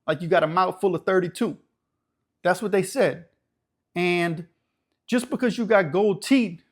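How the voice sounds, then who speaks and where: A man from the New Orleans area with a local accent, hosting a casual, blunt, streetwise monologue. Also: sits high. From New Orleans area, Louisiana. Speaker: YouTube channel host.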